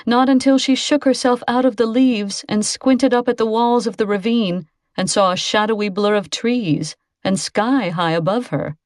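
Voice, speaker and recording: Female audiobook narrator, slightly high voice, measured and expressive, dry close sound. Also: no echo. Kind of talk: scripted narration.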